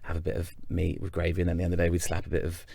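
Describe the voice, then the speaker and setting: A deep, gravelly, mellow voice, slightly rough and monotone, speaks very fast. It belongs to an actor from North Yorkshire, England, who thinks aloud in a casual interview, rambling thoughtfully and often starting sentences over.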